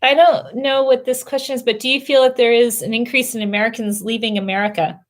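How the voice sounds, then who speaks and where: A middle-aged woman from Canada hosting a casual family live stream, telling animated stories with quick asides. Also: fairly high pitch. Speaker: family travel channel host.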